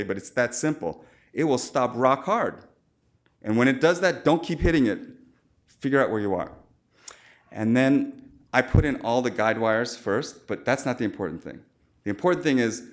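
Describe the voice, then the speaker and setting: A man lecturing as a surgeon at a medical conference, informal and chatty, with jokes and quoted asides. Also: medium pitch. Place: lecture hall.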